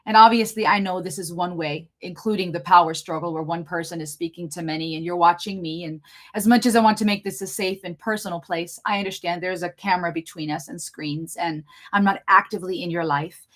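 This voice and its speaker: A young adult woman with a slight German accent, hosting a live Q&A in an excitable, fast-talking, chatty way. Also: on the low side. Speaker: channel host doing a live Q&A. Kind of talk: casual live-stream chat.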